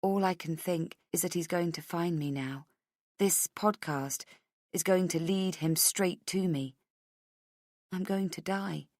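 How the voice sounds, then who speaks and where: Low-voiced woman narrating a thriller audiobook. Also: measured pace, a little mellow, dry recording, studio quality. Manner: tense, anxious inner voice. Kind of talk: scripted first-person narration.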